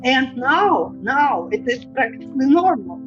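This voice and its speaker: Woman, high-pitched, tearful testimony over music, dull lo-fi audio. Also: sing-song, unhurried. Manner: emotional, grateful, in non-native English. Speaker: interviewee giving testimony.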